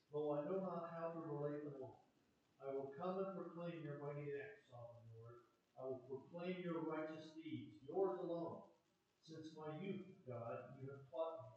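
A man reading scripture aloud in a steady, measured way, heard echoey and muffled from far off the mic. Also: a little high. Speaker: scripture reader.

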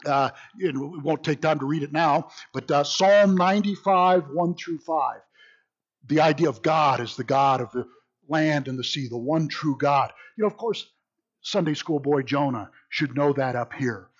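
A man teaching an informal Bible study in an animated, joking way, often repeating words as he thinks. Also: a little high, moderate pace, lo-fi sound.

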